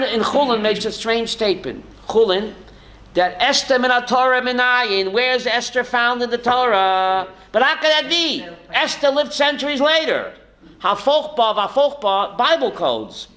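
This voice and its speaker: A male rabbi giving a lively Torah class, asking rhetorical questions and calling on listeners by name. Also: high-pitched. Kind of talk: Torah class to a live audience.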